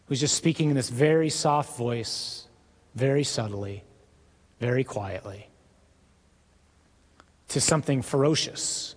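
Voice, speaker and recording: A man preaching a sermon in an earnest, emphatic way with deliberate pauses. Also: medium pitch, big-room sound.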